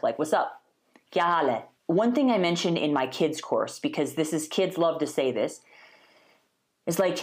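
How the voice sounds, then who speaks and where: Low-voiced, chatty woman teaching a language. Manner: chatty, upbeat, demonstrates phrases with animated pitch jumps. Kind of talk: casual spoken lesson.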